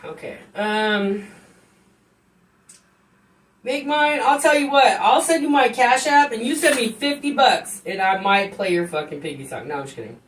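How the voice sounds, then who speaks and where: There is slight background noise as a woman with a mid-range voice live-streams from her home kitchen. She rambles casually, swearing and trading jokes with viewers.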